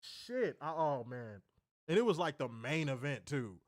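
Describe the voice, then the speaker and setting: A man's voice: a little high, big pitch swings, measured pace, no echo, clean studio sound. A man hosting a podcast, telling a story in a loose, profane way and laughing often. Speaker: podcast host. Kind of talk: casual storytelling chat.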